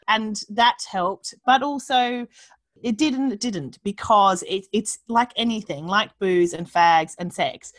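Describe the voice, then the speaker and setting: A woman talking candidly as a guest, frank and animated, swearing freely and acting out the voices she quotes. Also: mid-range voice, unhurried, no echo. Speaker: podcast guest. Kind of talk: candid conversational chat.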